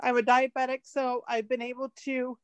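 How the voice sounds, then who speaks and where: A woman's voice: high-pitched, level tone, normal speed, highs cut off, slight background noise. Tearful, overjoyed woman on a video call. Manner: emotional, tearful but overjoyed. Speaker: program participant on a call. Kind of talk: casual testimonial.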